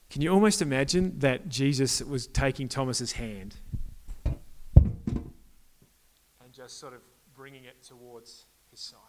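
A man's voice: mid-range voice, slow pace, long pauses, slight background noise. A young man giving a casual, joking sermon to a youth group, often asking the crowd questions.

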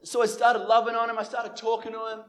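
A man's voice: very high-pitched, quick pace. A young man, telling a personal faith testimony and acting out the dialogue he quotes. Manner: animated, acts out the dialogue he quotes. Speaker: Christian evangelist.

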